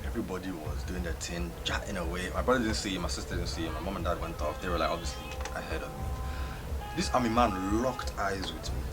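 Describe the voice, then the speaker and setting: A young man telling a comic storytime story on his vlog, animated and laughing as he goes. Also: sits low, fast talker, music in the background. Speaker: vlogger.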